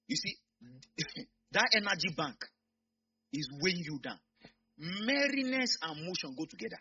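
A man with a Nigerian accent preaching a sermon, swinging from quiet asides to loud shouts. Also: high voice, big pitch swings, moderate pace, creaky, long pauses, slightly rough, lo-fi sound.

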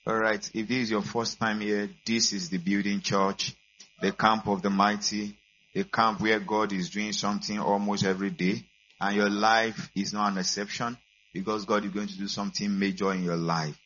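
Brief: male pastor, sermon delivery, bright and husky, dull lo-fi recording. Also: moderate pace. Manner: builds from calm welcome to loud, high-pitched preaching.

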